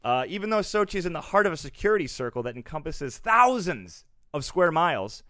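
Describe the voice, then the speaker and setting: Male host, animated comic news reader, higher voice with a bouncing pitch, dry close sound. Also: brisk, no room sound. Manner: animated, jokey, puts on mock accents. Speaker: podcast host reading news. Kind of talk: comedic news banter.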